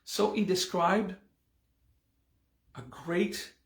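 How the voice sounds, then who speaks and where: Slow, gravelly-voiced male meditation teacher. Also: high voice, animated, echoey room. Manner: unhurried, often checks in with "okay?". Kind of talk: live class explaining a mantra and mudra.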